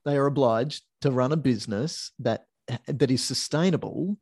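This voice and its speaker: Aussie bloke co-hosting a chatty podcast, swears a bit, laughs easy. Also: male voice, mid-range voice, moderate pace, darkish tone, breathy edge. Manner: laughs often, swears casually. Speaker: podcast co-host. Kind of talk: casual chat.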